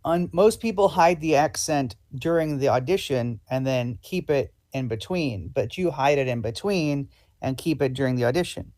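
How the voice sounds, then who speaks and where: A man's voice: medium pitch, moderate pace, darkish tone. A man hosting a live improv show and playing a polite, hesitant casting director. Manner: polite, hesitant with many ums.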